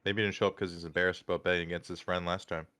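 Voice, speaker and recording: A man playing in a tabletop game, chatting casually with quick, offhand remarks. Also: deep voice, flat delivery, a bit bright. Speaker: player. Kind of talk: casual chat.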